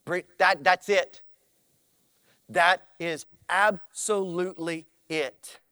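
A man's voice: high voice, fairly even intonation, takes it slowly, pushed and bright, clean tone, no room sound, studio quality. A man preaching a sermon in an emphatic, repetitive way, speaking straight to his listeners. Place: church.

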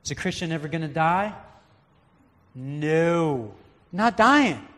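A man's voice: a little high, lively intonation, takes it slowly, a bit bright. A man preaching a conversational, earnest sermon as a pastor. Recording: long hall reverb.

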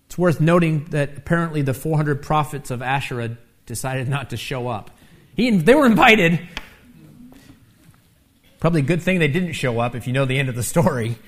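A man preaching a sermon, animated and conversational, with asides and tag questions, rising loud when he acts out the taunts. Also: medium pitch, quick pace, few pauses. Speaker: pastor.

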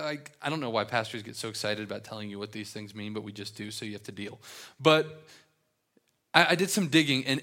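A young male pastor working through a scripture passage, with quick jokes dropped between verses. His voice is bright and forward, and his pitch sits in a middle range. He talks in a relaxed, conversational way. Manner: casual, joking asides while reading scripture. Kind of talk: sermon with Bible reading.

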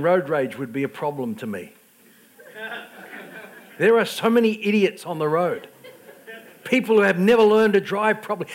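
A middle-aged man preaching a sermon, telling self-deprecating stories with stammered restarts and swinging between loud outbursts and quiet asides. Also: high-pitched. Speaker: pastor.

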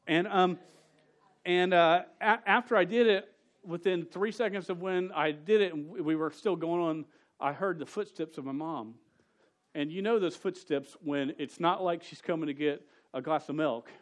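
A man preaching a casual sermon to a youth group. He tells a story with jokes and quick asides. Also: fairly high pitch. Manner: storytelling, joking, rapid asides.

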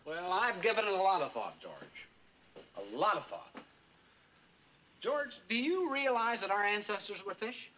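A man's voice: high-pitched, very animated, measured pace, long pauses, sharp tone, full character voice, rough recording. An eager bookish fish-obsessed man. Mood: earnest explaining. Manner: earnest, eager lecturing. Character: bookish nerdy fish-loving grown man. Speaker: film character.

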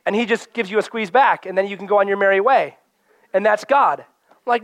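A man's voice: high-pitched, fairly quick, a bit bright, dry recording, muffled recording. A man preaching a sermon in an earnest, conversational way, often acting out quoted voices and prayers.

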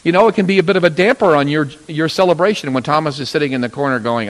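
A man preaching a sermon, telling a Bible story and acting out its characters in sudden loud bursts. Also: fairly high pitch, fast talker, hardly any pauses. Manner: storytelling, acting out voices of biblical figures with sudden loud rises. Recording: long hall reverb.

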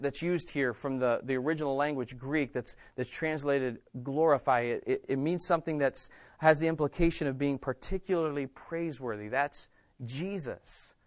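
High-voiced man preaching a sermon. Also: no echo. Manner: emphatic, repeating words with frequent restarts. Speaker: pastor.

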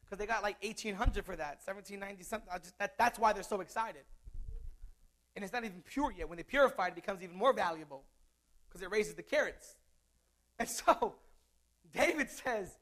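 A man's voice: high voice, fairly quick, long pauses, fairly bright tone. A man preaching a sermon in a conversational way, mixing scripture with jokes and asides.

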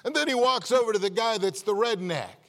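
Male pastor, sermon with jokes, storytelling, high-pitched voice, long church reverb. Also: a little fast. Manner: storytelling, animated, repeats words.

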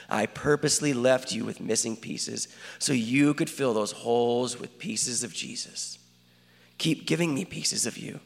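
A man's voice: mid-range voice, gravelly. A man voicing God as a loving fatherly creator in a spoken-word dramatic monologue, talking earnestly and intimately to one listener. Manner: earnest, intimate direct address. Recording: long hall reverb.

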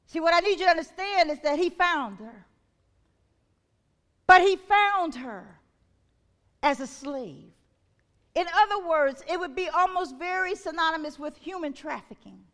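A woman's voice: very high-pitched, animated, measured pace, pauses often, fairly bright tone. A woman preacher delivering an impassioned sermon, her voice swelling and dropping as she calls out questions to the congregation.

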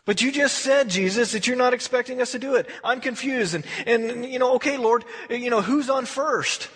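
A man's voice: very high voice, normal speed, fairly bright tone, breathy edge, big-room sound, voice pushed up, exaggerated voice. A man voicing a confused grown male disciple who stammers and pleads in bewilderment. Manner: flustered, stammering.

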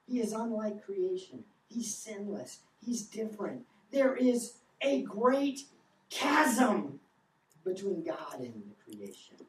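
A woman preaching a sermon in an impassioned style, her voice rising toward shouts. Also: deep voice, a little hiss or hum. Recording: echoey room, picked up from a distance.

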